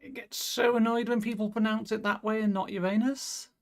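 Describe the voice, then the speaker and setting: A woman streamer casually playing a game, reading its text aloud and reacting excitably, swearing freely. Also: a little high, brisk.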